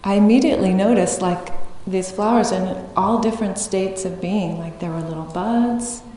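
A woman giving a dharma talk as a meditation teacher, telling a story in a reflective, unhurried way and laughing often. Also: medium pitch, mellow. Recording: echoey hall with faint ambience.

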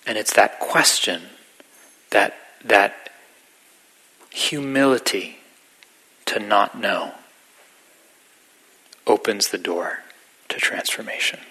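A middle-aged meditation teacher speaks in a gentle, reflective way, sometimes sinking to a near whisper. His voice sits a little low but has a bright, forceful edge. He sounds calm and unhurried as he gives a spiritual talk. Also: slightly rough, rough recording. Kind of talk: dharma talk.

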